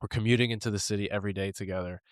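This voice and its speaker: This is a man in his thirties co-hosting a podcast, his voice sitting a little low. He tells a personal story in an animated, candid way and laughs easily. The sound is dry and close, with no room around it. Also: rapid-fire, clear, resonant tone, no room sound. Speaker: podcast co-host.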